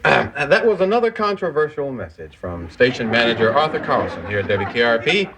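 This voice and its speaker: A laid-back teasing night DJ. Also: male voice, medium pitch, big pitch swings, fairly quick. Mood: easygoing. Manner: smooth, easygoing, joking. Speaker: radio DJ. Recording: noisy old TV audio.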